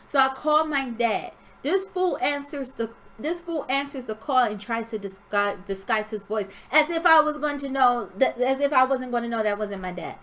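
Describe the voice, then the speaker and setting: Expressive higher-voiced woman telling a story. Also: normal speed, hardly any pauses. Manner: animated, expressive storytelling with sound effects. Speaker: vlogger. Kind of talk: storytelling vlog.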